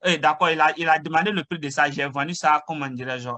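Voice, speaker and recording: A man interpreting, recapping a told joke at quick speed. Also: on the high side, pushed and bright. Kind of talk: retelling a joke in French.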